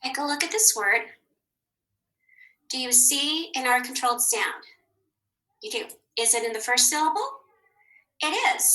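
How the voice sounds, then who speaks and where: A woman teaching a children's phonics lesson, patient and clear, saying each word twice with the second higher. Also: unhurried, long pauses, sharp tone, low-quality recording. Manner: clear, patient, sing-song.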